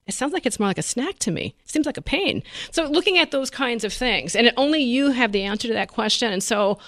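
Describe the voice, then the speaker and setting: Fast-talking woman dietitian. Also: a little high, no echo, clean studio sound. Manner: animated, laughs often, acts out quotes. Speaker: dietitian guest. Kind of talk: conversational interview.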